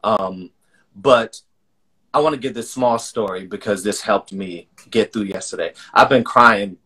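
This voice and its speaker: A man's voice: fairly low pitch, a little slow, pushed and bright, husky. A man talking earnestly and emotionally in a live-streamed conversation. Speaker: guest, choreographer and artistic director.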